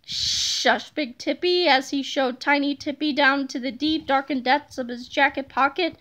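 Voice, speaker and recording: A woman reading a children's chapter book aloud with expressive, animated storytelling. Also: high-pitched, moderate pace. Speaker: reader.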